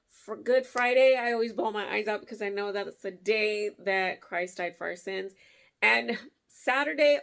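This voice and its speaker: A woman's voice: mid-range voice, creaky. A woman in her thirties hosting her crafting channel, chatting casually and telling a heartfelt family story with laughs. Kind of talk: casual vlog chat.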